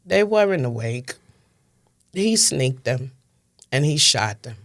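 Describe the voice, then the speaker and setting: A woman's voice: rumbling low, sing-song, takes it slowly, fairly bright tone. Impassioned New York woman in her fifties. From Brooklyn, New York. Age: 50s. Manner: impassioned, emphatic, repeats phrases for stress. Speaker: interview guest. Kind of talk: emotional interview testimony.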